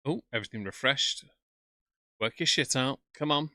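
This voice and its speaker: A man's voice: medium pitch, normal speed, pushed and bright, no room sound, studio quality. A man streaming live reaction commentary in a sarcastic, mocking way.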